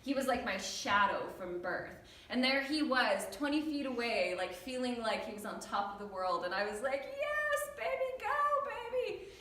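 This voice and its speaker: Animated woman telling stories in an echoey hall. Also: on the high side, normal speed, few pauses. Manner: animated, acts out voices of her family. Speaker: storyteller on stage. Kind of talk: humorous personal storytelling talk. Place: church hall with an audience. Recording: echoey hall, recorded from far off.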